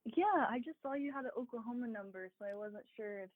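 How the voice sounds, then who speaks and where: A woman's voice: on the high side, fast, dry recording. A woman hairstylist on a phone call, apologetic and flustered, fighting the giggles. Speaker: hairstylist receiving a prank call. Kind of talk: phone conversation. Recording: tinny phone line.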